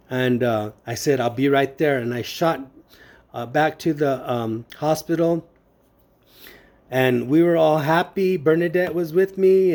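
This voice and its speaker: A man giving personal testimony, telling a family story in a halting way with many pauses and fillers, acting out the dialogue he quotes. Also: a little high, a little mellow.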